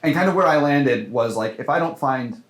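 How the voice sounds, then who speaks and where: A man's voice: medium pitch, expressive, moderate pace. A man who is a film director, chatting casually in an interview in a rambling, hesitant way with many fillers and restarts. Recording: roomy echo.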